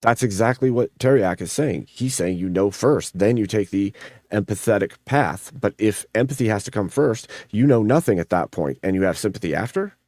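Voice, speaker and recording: Casting: somewhat low male voice, stubborn host who presses the same question, dry mic. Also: animated, normal speed, darkish tone, dry recording. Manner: insistent, repeats pointed questions. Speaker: streamer host. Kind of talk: argumentative casual debate.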